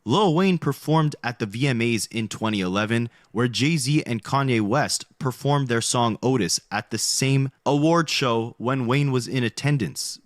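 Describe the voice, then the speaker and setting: A man's voice: medium pitch, no echo, studio quality. Man narrating a commentary script. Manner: brisk, explanatory, listing points.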